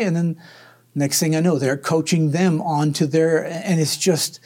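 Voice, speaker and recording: A man's voice: a little high, normal speed, a little mellow. A man who is a veteran, telling his personal story in an interview in an earnest, upbeat way. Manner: earnest, upbeat, acts out his own inner voice.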